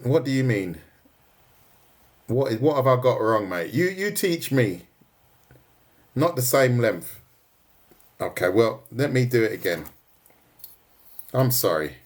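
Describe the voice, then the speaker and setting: A man's voice: medium pitch, very animated, slow, long pauses. A man giving a casual, joking drawing lesson on a livestream, teasing his viewers. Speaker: art teacher.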